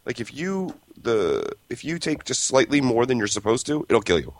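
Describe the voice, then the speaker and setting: A man's voice: medium pitch, big pitch swings, normal speed, dry recording. A man co-hosting a casual podcast, swearing often and rambling, stuffed up with allergies. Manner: crude, swears a lot, rambling. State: congested with allergies. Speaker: podcast co-host. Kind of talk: casual chat.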